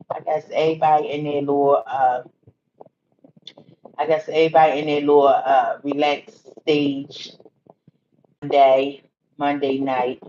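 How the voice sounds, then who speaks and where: A woman's voice: sits low, warm tone, highs cut off, a little hiss or hum. A woman hosting a casual livestream, rambling and talking straight to her viewers. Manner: rambling, talks to viewers directly. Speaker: livestream host.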